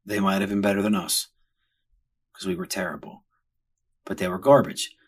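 A man's voice: low-pitched, steady tone, moderate pace, breathy edge. A middle-aged man, hosting a podcast in a crude, joking, rambling casual rant. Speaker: podcast host.

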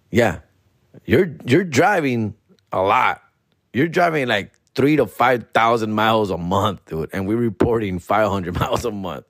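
A man's voice: animated, a little slow, fairly bright tone, dry recording. Profane storytelling man, dry sound. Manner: profane, slangy, mixes in Spanish slang; jumps high in pitch for his own quoted outbursts. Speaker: podcast host. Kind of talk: comedic storytelling rant.

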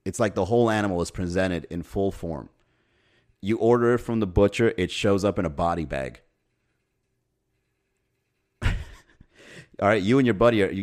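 He's a podcast host with a low-pitched, slightly mellow voice, doing a casual comic monologue. The tone is wry and sarcastic; he swears casually and laughs at what he just said.

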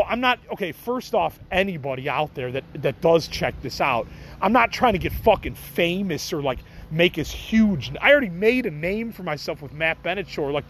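A man's voice: a little high, slight background noise, rough recording. A middle-aged man from the Chicago area hosting a podcast, talking in a casual, rambling, profane way and laughing things off. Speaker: podcast host.

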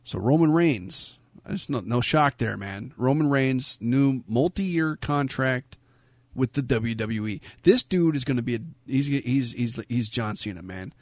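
A man with a mid-range voice chats easily on a podcast, joking and tossing in quick asides. His voice sounds close and dry, with no room around it. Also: mid-range voice, no room sound. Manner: relaxed, jokey, fillers and quick asides. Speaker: wrestling podcast co-host. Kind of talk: casual podcast chat.

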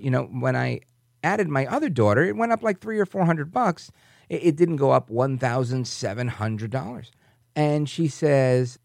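A man's voice: a little high, big pitch swings, fairly quick, creaky, a little mellow, dry recording, clean studio sound. A middle-aged man, hosting a talk radio show and ranting as he tells a story, now and then mimicking other people's voices.

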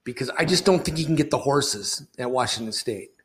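A man's voice: mid-range voice, expressive, a little fast. An older man co-hosting a sports podcast, telling easygoing anecdotes in casual chat.

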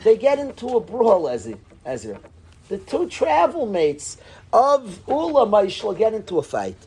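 A man teaches a Talmud class with a lively, swinging delivery and a slightly husky voice. He tells the stories with energy and mixes in Hebrew and Aramaic terms. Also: high voice, a little slow. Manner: animated, storytelling, mixing Hebrew and Aramaic terms.

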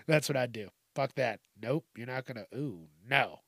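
A man's voice: medium pitch, unhurried, gravelly, pauses often, a bit bright, no echo, studio quality. A man hosting a podcast, delivering a profane comedic rant and laughing at his own jokes. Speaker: podcast host.

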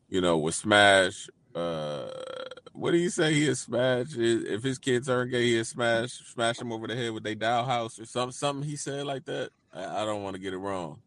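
A man co-hosting a casual podcast chat, thinking aloud in a relaxed way. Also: lowish voice. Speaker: podcast co-host.

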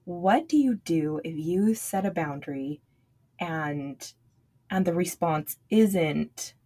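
A woman's voice: on the low side, slow pace, mellow, breathy edge. A woman co-hosting a podcast, talking in an earnest, reflective way and asking questions. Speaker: podcast co-host. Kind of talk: casual chat.

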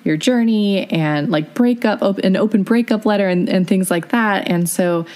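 A woman's voice: medium pitch, normal speed, darkish tone. A young woman hosting a casual interview podcast, talking in a girl-talk way with many fillers and laughs. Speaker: podcast host.

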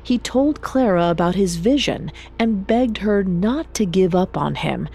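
A woman reading a storybook aloud as narrator in a measured, dramatic way. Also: medium pitch, expressive, gravelly, darkish tone, husky, soft background music.

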